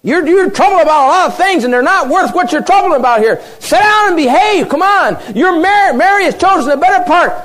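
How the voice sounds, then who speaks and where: A man's voice: extremely high pitch, lively intonation, brisk, hardly any pauses, fairly bright tone, voice pushed up. A preacher voicing a patient male teacher figure who chides a worried woman, emphatic and raised. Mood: chiding. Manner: chiding, emphatic.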